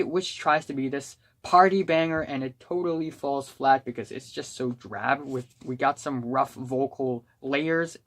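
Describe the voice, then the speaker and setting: A young adult music reviewer holding forth in an unscripted, casual style. The delivery is blunt and exasperated, like someone ranting about records they can't stand. The voice sits at a middling pitch. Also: a bit bright. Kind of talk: casual spoken album review.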